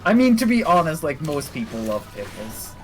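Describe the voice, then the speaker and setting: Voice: medium pitch, sing-song, moderate pace, faint music behind, poor audio. A playful, joking co-commentator calling a tournament in casual chat from home.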